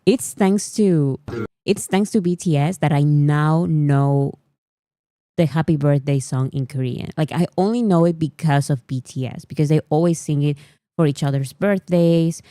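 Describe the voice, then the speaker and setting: A woman's voice: low-pitched, normal speed, warm tone, dry recording, clean studio sound. A woman from Peru, chatting casually on a livestream and laughing often. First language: Spanish. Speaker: livestream host.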